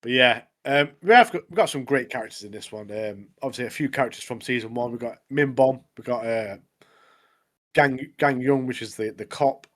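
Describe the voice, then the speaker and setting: A man's voice: medium pitch, fairly quick, fairly bright tone. A man co-hosting a podcast, chatting casually and eagerly in slang. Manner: enthusiastic, slangy, keeps saying mate. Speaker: podcast co-host. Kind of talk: casual chat.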